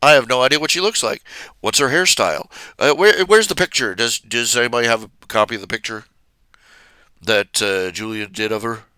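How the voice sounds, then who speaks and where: Male streamer, slow halting casual chat, lively pitch, crisp dry voice. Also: no room sound. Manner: rambling, halting, many fillers and restarts, chuckling storyteller. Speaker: live streamer.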